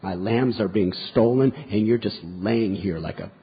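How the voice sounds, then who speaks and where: A man's voice: lowish voice, unhurried, breathy edge, long reverb tail. A man voicing a proud celestial woman who makes stern demands and scolds with wrath, in a retold scripture story. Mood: scolding. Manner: indignant scolding. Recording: dull lo-fi recording.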